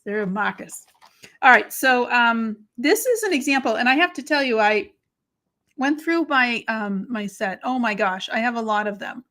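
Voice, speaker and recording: A woman's voice: on the high side, animated, normal speed, sharp tone. Chatty Boston woman hosting a crafting stream. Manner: chatty, greets viewers by name. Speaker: crafting live-stream host. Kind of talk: live crafting demo.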